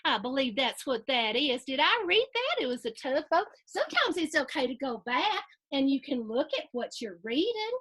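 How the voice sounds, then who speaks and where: A woman hosting a storybook reading for children, animated and sing-song, chatting with her young listeners between pages. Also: sits high, moderate pace, hardly any pauses. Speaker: host reading a picture book to children. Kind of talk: storybook read-aloud for kids.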